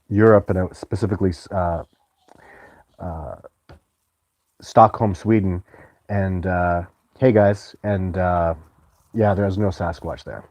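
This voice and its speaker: A man's voice: low-pitched, darkish tone, no echo. A man hosting a live stream, chatting loosely and greeting viewers as he reads their comments. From Canada.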